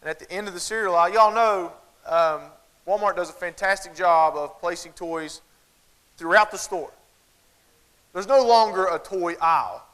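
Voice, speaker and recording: A man with a Southern American accent giving a humorous keynote talk to a large conference crowd, folksy and animated, addressing the audience directly. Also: high voice, moderate pace, clear, resonant tone, rough recording.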